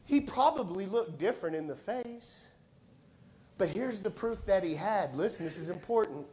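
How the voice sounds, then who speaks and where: Emphatic preacher swinging loud to soft. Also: male voice, high voice, expressive, normal speed, slight background noise. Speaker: pastor. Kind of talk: sermon.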